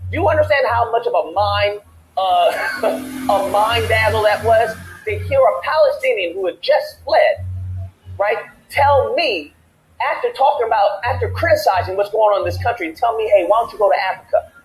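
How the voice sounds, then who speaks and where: A man tells a story in a lively, swinging voice, acting out both sides of an argument as he goes. His voice rings in an echoey room, with faint music behind him. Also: high-pitched, moderate pace. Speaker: podcast host. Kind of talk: animated storytelling rant.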